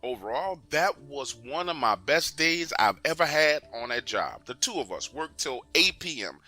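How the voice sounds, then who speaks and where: A man's voice: medium pitch, sing-song, normal speed, bright, forceful tone, soft background music. Emphatic man telling a true story. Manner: emphatic, conversational, keeps saying "listen to me".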